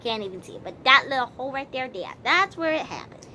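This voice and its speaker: A woman's voice: sits high, lively intonation, fast talker, bright, forceful tone, slight background noise. A woman vlogger telling a story casually to camera, rambling with many restarts.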